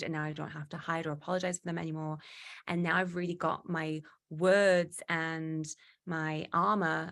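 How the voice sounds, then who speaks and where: A woman giving a motivational talk, animated and acting out quoted exchanges, with frequent restarts. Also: on the low side. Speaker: guest speaker.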